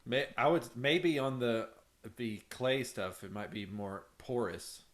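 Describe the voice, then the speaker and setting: A man's voice: mid-range voice, takes it slowly. A man co-hosting a casual podcast, mostly giving short replies and joking around. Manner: short backchannels, playful. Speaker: podcast co-host. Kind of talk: casual chat.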